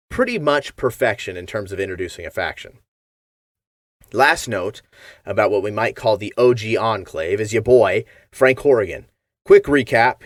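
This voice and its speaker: A man's voice: on the low side, no echo. A man narrating a gaming lore video essay in a wry, jokey manner.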